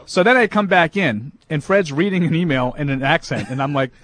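Chatty sports talk co-host, higher voice. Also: male voice, animated, brisk, fairly bright tone. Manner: chatty, anecdotal. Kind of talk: sports talk show banter.

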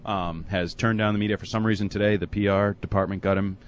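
A man co-hosts a sports radio show in a low, relaxed voice. He reports news matter-of-factly, with faint room sound behind. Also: quick pace, a little hiss or hum. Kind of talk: casual talk radio.

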